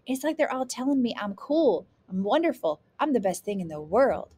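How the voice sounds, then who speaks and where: A woman's voice: a little high, sing-song, moderate pace, warm tone, slightly rough, voice pushed up. A woman reading aloud voices a hopeful teenage boy who dreams of being an actor and pleads eagerly. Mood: dreamy.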